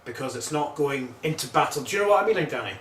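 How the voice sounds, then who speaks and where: A man acting as a medium on a ghost hunt, giving halting, searching readings and often repeating himself. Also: fairly high pitch, expressive, a bit bright, roomy sound, recorded from a distance, slight background noise. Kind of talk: psychic readings on a paranormal tour.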